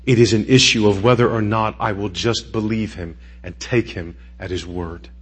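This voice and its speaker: A middle-aged man preaching a sermon as pastor, moving between quiet, intimate pleading and raised, emphatic declarations. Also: lowish voice, steady tone, moderate pace, slightly rough. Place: church sanctuary.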